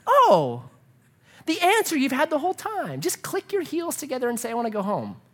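A man's voice: extremely high pitch, huge pitch swings, normal speed, pitched above the performer's own voice, full character voice. A man voicing a kindly fairy godmother in a sweet, sing-song way within a sermon. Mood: sweetly revealing. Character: gentle fairy godmother, kindly older woman.

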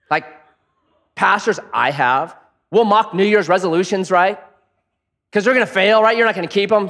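A middle-aged male pastor delivering a sermon with a high, lively voice. He preaches in a joking, animated way, swooping up and down in pitch.

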